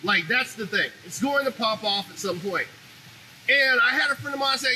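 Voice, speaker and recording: A man hosting a commentary show, ranting in an animated, profane opinionated monologue. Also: high-pitched, moderate pace, noisy background.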